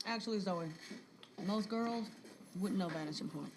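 A woman's voice: mid-range voice, moderate pace, noisy background, natural voice. A woman playing a tough, foul-mouthed gearhead in film dialogue who talks bluntly.

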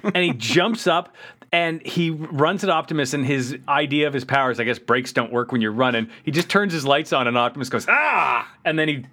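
A man's voice: mid-range voice, fairly bright tone. A man co-hosting a podcast, chatting casually about a cartoon episode, laughing often and mimicking the characters' lines. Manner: laughs often, acts out character lines in quick put-on voices. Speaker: podcast co-host.

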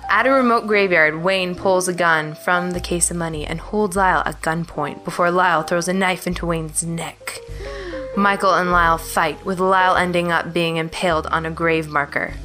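Low-voiced woman reading a plot recap. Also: fairly even intonation, moderate pace, bright, forceful tone, faint music behind. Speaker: podcast co-host.

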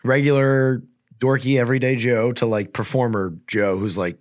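A guest fighter on an audio-only podcast talks casually in a steady-toned, medium-pitched voice. He rattles off rambling stories quickly, with many fillers.

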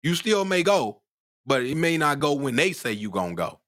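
A man preaching a sermon, drawing out scripture slowly and asking "hmm?" between points, climbing into fervent shouts. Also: very animated, no room sound, studio quality. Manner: call-and-response "hmm?", rising to fervent shouts; drawls scripture slowly, then climbs in pitch when worked up.

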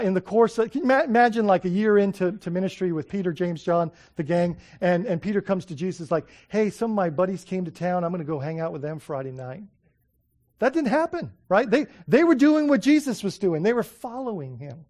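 A man preaching a sermon, telling stories with excitement, often restarting his sentences. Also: high voice. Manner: excited storytelling, many restarts and fillers. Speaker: pastor.

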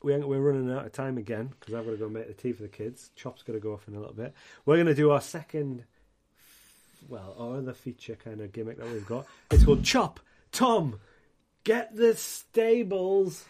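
A man's voice: medium pitch, quick pace, darkish tone. A man hosting a podcast in casual chat, rambling, swearing and laughing often. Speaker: podcast host.

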